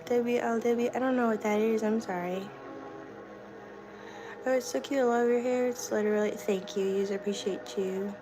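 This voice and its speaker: In her kitchen, a young livestream host chats away, laughing easily as she goes through viewer comments and responds. She speaks at a normal speed in a fairly high voice with fairly even intonation, over a low-quality recording with clear background music.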